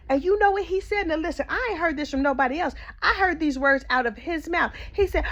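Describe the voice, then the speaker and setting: A woman's voice: high voice, a little fast, few pauses, fairly bright tone. A woman telling a comedic gossip story, chatty and sassy, full of mock outrage and asides to the listener. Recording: slightly dull lo-fi audio.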